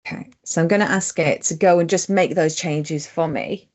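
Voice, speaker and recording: A woman with a strong accent presents a screen-share tutorial. Her voice sits low, and she talks through each step in a relaxed, methodical way, with the odd "uh" along the way. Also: moderate pace. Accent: strong regional accent. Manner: relaxed, methodical walkthrough with fillers. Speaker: presenter demonstrating software.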